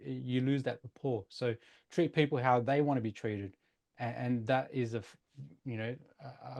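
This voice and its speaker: A man leads a casual podcast conversation at an ordinary, mid-range pitch. He sounds upbeat and keeps the talk moving, introducing new topics and passing questions to his co-hosts. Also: creaky, darkish tone. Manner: upbeat, steers topics and hands questions to guests. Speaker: podcast host.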